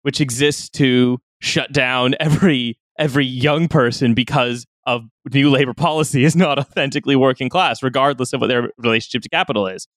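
Halting analytical man, dry mic. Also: mid-range voice, dry recording. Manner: halting, many restarts while building an argument. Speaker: podcast co-host. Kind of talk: analytical political chat.

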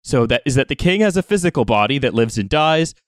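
A man hosting a podcast, talking in casual chat with many halting restarts. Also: medium pitch, expressive, dry recording, clean studio sound. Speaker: podcast host.

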